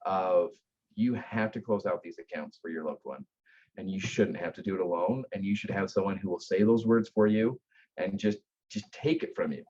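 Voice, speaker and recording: A man, founder of an aftercare company, telling stories in an earnest, animated way with frequent restarts. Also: deep voice, normal speed, breathy edge, muffled recording. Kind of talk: conversational storytelling.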